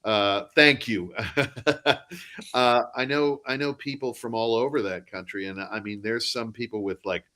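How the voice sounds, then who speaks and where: A man, an audiobook narrator, talking casually in a live online interview, animated and self-deprecating. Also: medium pitch, normal speed. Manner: animated, self-deprecating, drops into joking mock accents. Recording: live online video chat.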